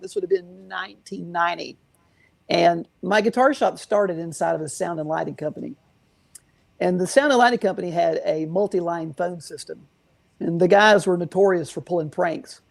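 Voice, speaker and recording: Gravelly-voiced man telling rambling stories. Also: high-pitched, normal speed. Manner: rambling, many fillers and restarts. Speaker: interview guest, guitar shop owner. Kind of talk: casual storytelling interview.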